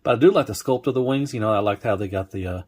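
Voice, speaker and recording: A man's voice: lowish voice, rapid-fire. A young adult man giving a casual toy review, rambling and laid-back with lots of fillers.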